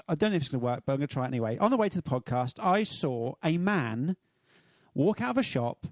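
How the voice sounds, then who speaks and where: A man chats casually as co-host of a football podcast, cracking jokes and teasing his friend. His voice sits a little high and moves about in a lively way. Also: dry recording. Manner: jokey, playful banter. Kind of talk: casual chat.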